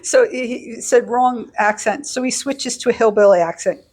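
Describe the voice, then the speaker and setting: A woman's voice: fairly high pitch, brisk, darkish tone, slightly rough. A woman co-hosting a casual podcast chat, answering in short agreeing replies with hesitant restarts. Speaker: podcast co-host.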